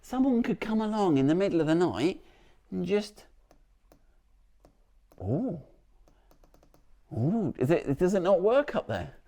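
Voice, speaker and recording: A man's voice: sits high, big pitch swings, measured pace, pauses often, dark tone. A man presenting a car vlog outdoors beside the vehicle, chatty and jokey, rambling with restarts as he demonstrates.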